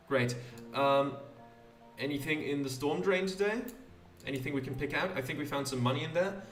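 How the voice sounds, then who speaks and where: A man's voice: fairly high pitch, normal speed, fairly bright tone. Rambling man narrating a game. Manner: rambling, hesitant, self-deprecating. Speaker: let's play host. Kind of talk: casual game commentary. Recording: roomy, mic at a distance, faint game music.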